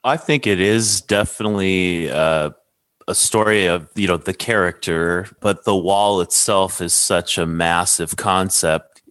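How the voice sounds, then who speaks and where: A man co-hosting a casual film discussion, speaking in a measured, reflective way. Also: low-pitched, a bit bright, no room sound.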